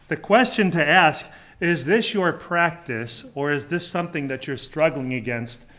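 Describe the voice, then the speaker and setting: Male preacher, slightly high voice, emphatic sermon delivery with repeated questions. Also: fairly bright tone. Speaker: pastor.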